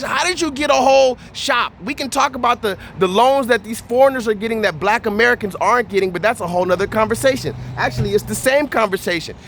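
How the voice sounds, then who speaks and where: Blunt, profane man ranting, high voice. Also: fast talker, hardly any pauses, a bit bright, slight background noise. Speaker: vlogger. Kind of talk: ranting storytime vlog. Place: Houston area.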